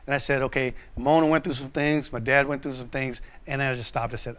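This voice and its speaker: A man's voice: medium pitch, fairly even intonation, brisk, few pauses, fairly bright tone. A man preaching a sermon, telling a personal story in a candid, conversational way. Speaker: pastor.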